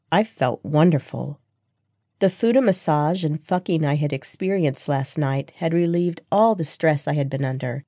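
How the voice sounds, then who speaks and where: Mellow, low-voiced woman narrating. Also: no echo, studio quality. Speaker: audiobook narrator. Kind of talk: first-person scripted narration.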